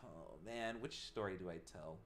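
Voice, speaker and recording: A young man streaming live, telling a personal story to his chat in a casual, animated way, laughing often and swearing freely. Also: low voice, moderate pace.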